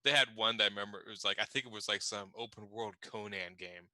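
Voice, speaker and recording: Bright, sharp-voiced man on a dry mic. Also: on the low side, fast talker, no echo. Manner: self-deprecating, laughs through his anecdotes. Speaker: panelist. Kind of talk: casual chat.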